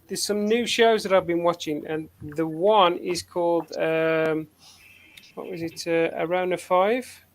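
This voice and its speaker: A man's voice: fairly high pitch, slight background noise. A man hosting a casual group chat on a call, rambling and hesitant with many fillers. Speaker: host.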